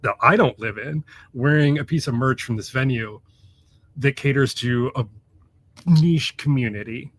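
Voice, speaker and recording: A man's voice: medium pitch, measured pace, fairly bright tone, dry recording. A man being interviewed as a guest author, talking casually in a loose, profane, rambling way with lots of fillers.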